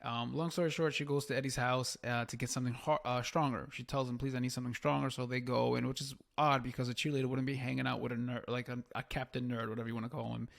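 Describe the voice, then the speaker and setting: A man's voice: mid-range voice, little pitch movement, quick pace, vocal fry, few pauses. A man co-hosting a podcast, recapping a show in a rambling, casual way with lots of fillers. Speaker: podcast co-host. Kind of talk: casual review chat.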